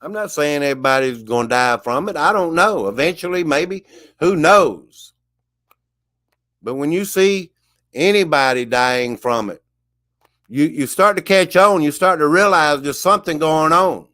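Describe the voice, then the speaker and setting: A man's voice: on the high side, expressive, unhurried, sharp tone. Emphatic, preachy man ranting. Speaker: vlogger. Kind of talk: casual monologue rant.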